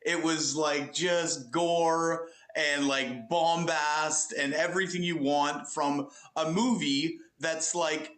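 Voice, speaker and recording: A man's voice: fairly high pitch, fairly even intonation, takes it slowly, few pauses, a bit bright. A man giving blunt, rambling hot takes as a panel guest, full of "like" fillers. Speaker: panel guest, media personality. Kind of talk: casual opinionated chat. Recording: roomy echo.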